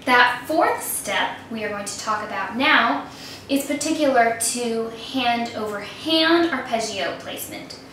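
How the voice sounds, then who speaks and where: A woman harp teacher explaining arpeggio practice step by step in a calm voice while she plays. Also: fairly high pitch, measured pace, far from the mic, slight background noise. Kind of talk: instrumental lesson demonstration. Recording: roomy echo, voice from off mic, harp playing.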